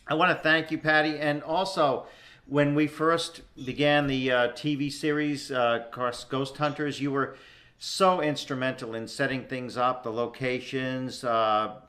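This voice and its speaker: A man's voice: mid-range voice, little pitch movement, unhurried, sharp tone. A man hosting a paranormal talk show, rambling with uh and um as he thanks his guest. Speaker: host. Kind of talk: casual show interview.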